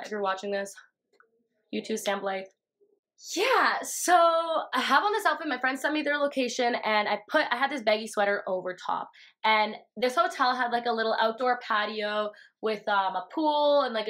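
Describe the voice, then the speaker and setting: A young woman telling a story in a casual, profane way, full of fillers and animated quotes. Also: fairly high pitch. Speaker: vlogger.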